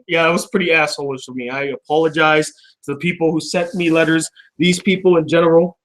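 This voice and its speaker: A man's voice: a little high, expressive, fast talker, a bit bright. A young man hosting a casual vlog, rambling, joking and swearing about his own mishaps as he reads fan mail at home. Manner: profane, joking, self-deprecating. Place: home room.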